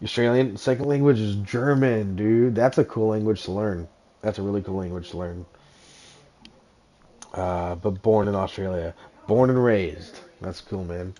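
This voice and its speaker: A man's voice: lowish voice, unhurried, mellow. Laid-back, chatty man streaming a game. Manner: laughs often, chatty and joking. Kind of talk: casual livestream chat and gameplay commentary.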